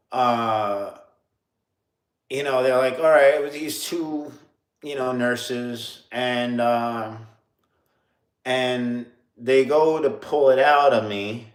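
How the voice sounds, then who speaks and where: A man's voice: medium pitch, fairly bright tone. A man in his late thirties from New York, telling a story on a casual livestream, rambling with lots of fillers and laughing at himself. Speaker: streamer. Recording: roomy echo.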